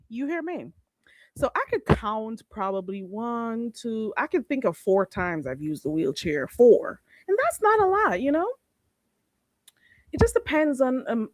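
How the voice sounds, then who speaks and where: A woman hosting a casual livestream, animated, laughing often and greeting chatters on a close mic. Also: a little high, no room sound. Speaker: livestream host.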